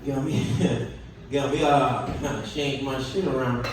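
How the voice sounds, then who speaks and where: A man's voice: medium pitch, steady tone, measured pace. A young man from the Caribbean doing a loose, profane stand-up set, chuckling at his own jokes on a comedy club stage. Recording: echoey club from far off, faint noise.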